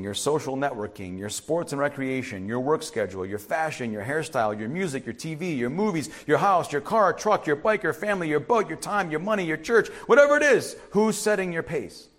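A middle-aged man preaching a sermon as pastor, urging loudly one moment and dropping to quiet asides the next. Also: a little high. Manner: animated, swings from loud urging to quiet asides.

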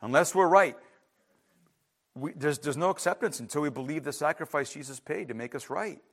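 A man's voice: a little high, moderate pace. A man preaching a sermon in an emphatic, conversational way, with frequent restarts and asides to the congregation. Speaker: pastor.

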